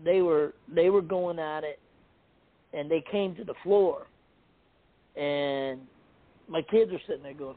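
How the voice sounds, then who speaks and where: A man's voice: fairly high pitch, a little slow, pauses often. A middle-aged man telling a funny story in casual chat, laughing and acting out what people said. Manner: animated, laughing, acts out quotes. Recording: tinny phone-like sound.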